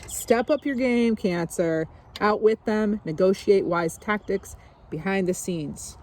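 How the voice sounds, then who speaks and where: A woman giving a casual tarot reading, musing aloud in a relaxed way and often pausing on fillers as she takes in impressions. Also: mid-range voice. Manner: musing, intuitive, many fillers and asides. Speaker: tarot reader. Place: outdoors.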